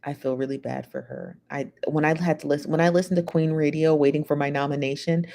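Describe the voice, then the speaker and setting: A woman's voice: deep voice, steady tone, fast talker, gravelly, dark tone. A woman hosting a live show, chatting casually and reading out viewer comments in a rambling, gossipy way, full of fillers.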